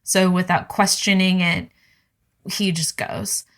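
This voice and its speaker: A woman with a lowish voice co-hosts a book podcast. She recaps the story in easy, casual chat. She slips into quick voices to act out what the characters say. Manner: animated, acts out characters' lines in quick voices. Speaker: podcast co-host.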